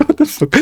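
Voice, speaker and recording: A man's voice: extremely high pitch, creaky, mellow, dry recording. A man streaming a game, chatting loosely with his chat, laughing and swearing as he reacts. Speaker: gaming streamer. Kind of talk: casual live-stream chat.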